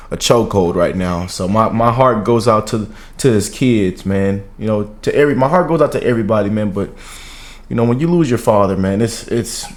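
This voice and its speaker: A man's voice: fairly low pitch, darkish tone. A man in his thirties hosting a reaction video, rambling and heartfelt, calling viewers y'all and man. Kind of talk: casual reaction commentary.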